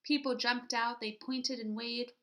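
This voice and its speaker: Reading a picture book to young children, a teacher uses lots of expression and stops to ask what they think comes next. Her voice is a little high and a bit bright, with fairly even intonation.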